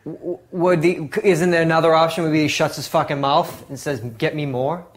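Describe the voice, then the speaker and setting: A man's voice: on the high side, flat delivery, normal speed. A man in casual chat, cutting in with sarcastic, mocking remarks. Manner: sarcastic interjections, mocking asides. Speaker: podcast co-host.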